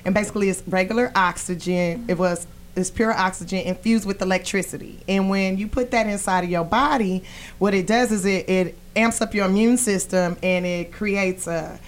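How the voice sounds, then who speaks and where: A woman guest on a talk show, chatting casually in an animated, slangy way and laughing often. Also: mid-range voice, normal speed. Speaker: guest comedian. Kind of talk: casual chat.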